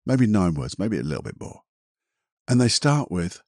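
Gentle rambling male therapist, husky. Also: low-pitched, big pitch swings, normal speed, no room sound, studio quality. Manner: gentle, rambling, self-correcting. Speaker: therapist podcast host. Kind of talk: reflective podcast monologue with guided imagery.

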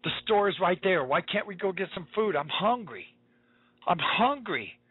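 A man's voice: high voice, lively intonation, normal speed, husky, no room sound, voice pushed up. Man putting on a whiny hungry little kid. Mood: pleading. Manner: whiny, pleading, repetitive. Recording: tinny phone-like line.

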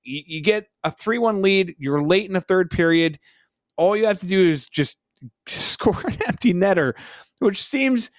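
High-pitched guy venting about his hockey team, sarcastic, dry close mic. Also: dry recording. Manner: exasperated, ranting, sarcastic. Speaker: podcast co-host. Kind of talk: casual hockey fan chat.

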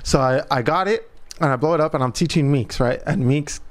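A man in his thirties, co-hosting a podcast, telling a family story in casual, profane, animated chat. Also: a little high, fairly quick. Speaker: podcast co-host.

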